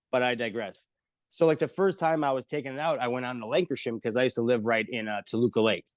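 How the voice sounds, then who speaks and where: A man of middle pitch tells his stories in a loose, jokey way and slips into the voices of the people he quotes. He swears casually as he goes. The recording is dry and close, with no room sound. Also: fast, dry recording. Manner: animated, jokey storyteller who acts out the people he quotes, with frequent swearing. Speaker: comedian guest. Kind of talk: casual storytelling in an interview.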